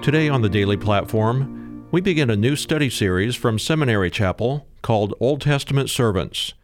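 A man reading a scripted introduction to a sermon broadcast in a measured, formal way. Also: medium pitch, lively intonation. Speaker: program announcer. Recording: dry studio with soft guitar music.

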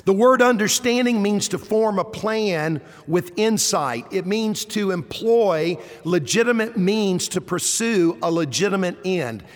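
In a high voice echoing through a large space, a pastor delivers a sermon to the congregation. He asks rhetorical questions and climbs into forceful repetitions.

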